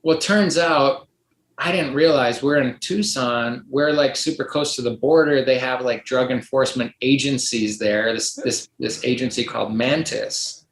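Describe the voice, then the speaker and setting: A man's voice: medium pitch, normal speed. A middle-aged man, a podcast guest, telling a long story in a rambling casual way, full of likes and ums, acting out the voices of others. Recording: roomy echo.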